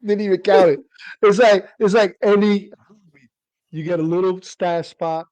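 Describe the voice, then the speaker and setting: A middle-aged man, telling hobby stories in an animated, laughing casual chat. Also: high voice, a little slow, no echo. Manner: animated storytelling, laughs while talking. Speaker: radio hobbyist guest.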